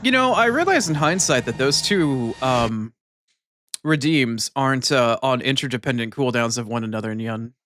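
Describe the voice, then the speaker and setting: A man with a mid-range, slightly bright voice and lively intonation chats casually with viewers on a live stream. He swears freely and tacks a playful cat-like "nyan" onto his lines, talking loosely between bites of food in a mumbled, unhurried way.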